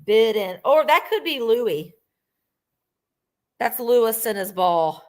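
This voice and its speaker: A woman's voice: a little high, animated, takes it slowly, darkish tone. A middle-aged woman hosting a live vintage sale, chatting casually and gushing as she describes each item at length.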